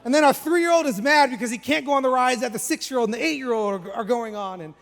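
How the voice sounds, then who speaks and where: A man in his thirties, a pastor, giving a sermon in lively storytelling, sometimes dropping to hushed asides. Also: very high voice, fast. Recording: long hall reverb.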